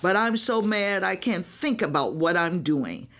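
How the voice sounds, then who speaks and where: A woman reading a children's novel aloud, telling it in the first person with an expressive delivery. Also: on the low side, measured pace. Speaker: reader.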